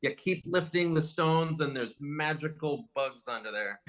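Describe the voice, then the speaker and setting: A man with a somewhat high voice, chiming in on a film podcast. His remarks are short, playful and jokey. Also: lively intonation, unhurried, a bit bright. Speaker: podcast co-host. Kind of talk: casual chat reviewing a film.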